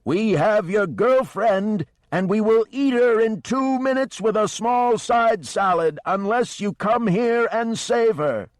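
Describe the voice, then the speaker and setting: A man's voice: medium pitch, very animated, slow pace, no echo, studio quality, voice pushed up. A man voicing a boisterous male fish-man sea skipper who hollers and teases. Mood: hollering. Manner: hollers loudly, teasing.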